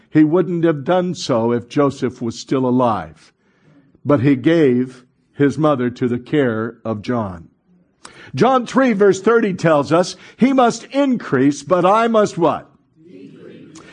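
A man preaching a sermon as pastor, animated, calling on the congregation to respond and acting out voices in his stories. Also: a little high.

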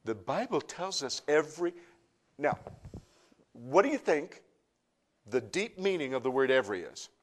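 A male pastor preaching a sermon, asking the congregation rhetorical questions, building to loud emphatic peaks and then dropping to a quieter, confessional tone. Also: on the high side, very animated, moderate pace, long pauses.

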